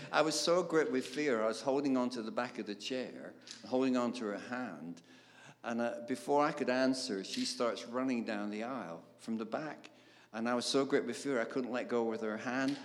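Older Englishman telling a lively story. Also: mid-range voice. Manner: animated, laughing storyteller, with many fillers. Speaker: guest songwriter. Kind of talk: storytelling interview. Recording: roomy reverb, faint background noise.

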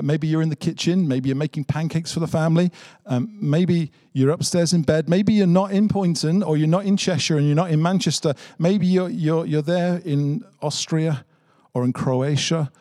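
A man preaches an Easter sermon in a dramatic storytelling manner, stacking repeated phrases for emphasis. His voice sits a little high for a man. The recording is dry and close, with no room echo. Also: normal speed, dark tone. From Britain. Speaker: pastor.

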